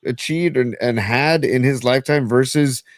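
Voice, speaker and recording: A man's voice: mid-range voice, normal speed, no echo. A man, co-hosting a casual podcast chat, rambling and musing as he talks. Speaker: podcast co-host.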